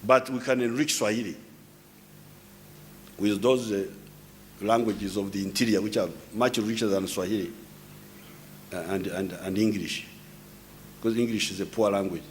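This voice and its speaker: A man's voice: lowish voice, steady tone, moderate pace, long pauses, slight background noise. A man in his seventies from Uganda, speaking English, gives an unscripted public address in a lecturing way, often restarting and repeating words. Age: 70s. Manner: lecturing, explaining word by word. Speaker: head of state giving a speech.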